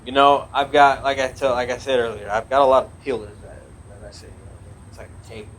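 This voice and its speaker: A man's voice: mid-range voice, flat delivery, fast, fairly bright tone, slight background noise. A man in his thirties, a naval officer, talking earnestly in a casual podcast interview, rambling with many restarts.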